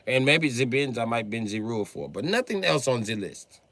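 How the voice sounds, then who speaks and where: A man on a livestream who rants about cars in a profane, excitable way, now and then bursting into a shout. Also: medium pitch, brisk, no room sound. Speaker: livestreamer and car mechanic. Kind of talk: profane ranting livestream chat.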